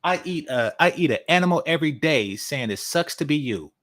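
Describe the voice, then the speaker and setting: A man records reaction commentary in a somewhat high voice. He is blunt and scornful, and he leans on repeated phrases to drive his points home. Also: expressive, brisk, fairly bright tone. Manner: blunt, mocking, emphatic repetition. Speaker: online commentator.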